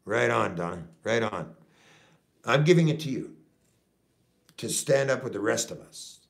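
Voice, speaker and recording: A man's voice: mid-range voice, expressive, unhurried, gravelly. A middle-aged man from Canada, a trucker and activist, ranting to his viewers with heavy swearing and a repeated "okay?". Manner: profane, repetitive, keeps saying okay. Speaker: activist vlogger. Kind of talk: impassioned rant to camera.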